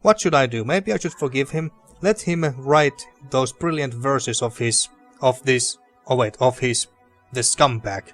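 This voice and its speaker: A man's voice: mid-range voice, a little slow, faint music behind, lightly acted. A man reading a bitter young Lindsay. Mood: hurt, bitter. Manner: reads game dialogue aloud with slight emphasis. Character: young woman, hurt, bitter former student.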